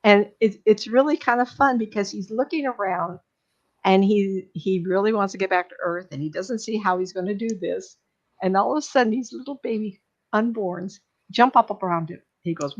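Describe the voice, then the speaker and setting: A woman's voice: mid-range voice, moderate pace, muffled recording. A middle-aged woman, a psychic medium, retelling a film in an enthusiastic, rambling way with many fillers.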